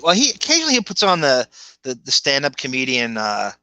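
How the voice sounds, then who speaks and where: This man speaks with a Long Island accent and a bright, forceful tone as he co-hosts a podcast. He rambles along and chuckles as he goes. His voice is recorded dry and close, with no room echo. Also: mid-range voice, huge pitch swings. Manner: rambling, chuckling, slips into quick impressions. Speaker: podcast co-host. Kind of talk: casual commentary chat.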